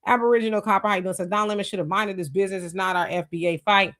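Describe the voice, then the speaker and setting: Woman host reading live chat aloud, casual, quick to react, restarts often. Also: mid-range voice, fairly even intonation, a bit bright. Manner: chatty, greets commenters, frequent restarts and laughs.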